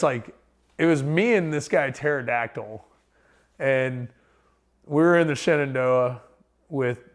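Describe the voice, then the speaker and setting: A man's voice: mid-range voice, a bit bright. A man, a podcast guest, talking casually and rambling with lots of fillers and restarts. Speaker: podcast guest, thru-hiker. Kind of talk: casual storytelling chat.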